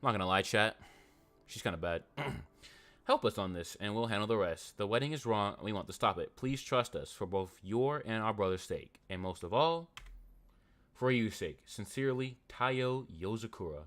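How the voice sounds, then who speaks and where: A man's voice: on the low side, expressive, normal speed, a bit bright. A man streaming live, reading comic pages aloud and chuckling with his chat.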